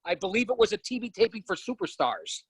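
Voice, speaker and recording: A man's voice: high voice, big pitch swings, fast, breathy edge, no echo, poor audio. A man hosting a podcast, asking questions in a hyped-up, theatrical way. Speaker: podcast host, interviewer. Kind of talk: casual podcast interview.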